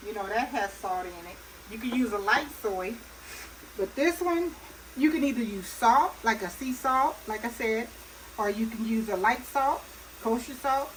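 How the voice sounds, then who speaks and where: A woman's voice: a little high, a little hiss or hum. A woman hosting a cooking channel, chatting folksily and laughing as she cooks in her home kitchen. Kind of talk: casual cooking demonstration. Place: home kitchen at a hot stove. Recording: distant mic with loud frying sizzle.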